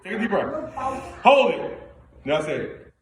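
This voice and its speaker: A man's voice: sits high, sing-song, unhurried, a little hiss or hum. A man teaching a class, demonstrating a tool and playfully coaxing students, repeating his instructions with a teasing touch. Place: school workshop classroom full of students. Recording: echoey room, far from the mic, students chattering.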